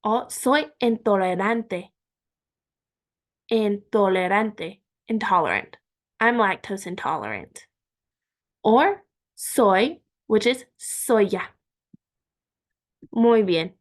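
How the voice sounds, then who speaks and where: A woman teaching a Spanish lesson, saying each word slowly and repeating it for learners. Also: medium pitch, big pitch swings. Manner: slow and deliberate, repeating words for learners. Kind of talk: language lesson.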